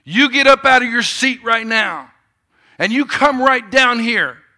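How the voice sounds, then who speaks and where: A man voicing a fiery old small-church preacher who booms and draws out his warnings about hell. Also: animated, pushed and bright, exaggerated voice. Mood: thundering. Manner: booming, drawn-out warning delivery.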